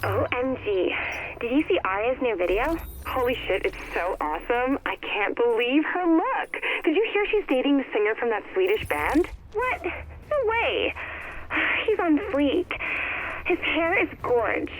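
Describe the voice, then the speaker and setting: An actress voicing women in game phone recordings, lively and full of slang. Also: female voice, sits high, unhurried, slight background noise, low-quality recording. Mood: gushing.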